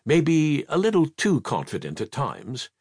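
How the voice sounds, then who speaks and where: A man reads a children's fantasy novel aloud in a storybook manner. His pitch moves a lot, and his voice has a husky grain. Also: huge pitch swings, unhurried, darkish tone, dry recording, studio quality. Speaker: audiobook narrator. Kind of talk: storybook narration.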